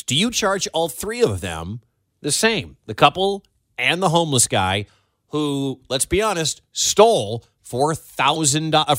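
A man's voice: medium pitch, a bit bright, no room sound. A man hosting a talk radio show, chatting with a co-host and taking callers in a studio. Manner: conversational, takes callers, repeats the phone number. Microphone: studio microphone.

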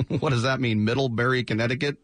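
A man hosting a sports talk radio show, animated and jokey, often slipping into quick mock voices. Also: medium pitch, no room sound. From San Francisco Bay Area. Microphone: studio microphone.

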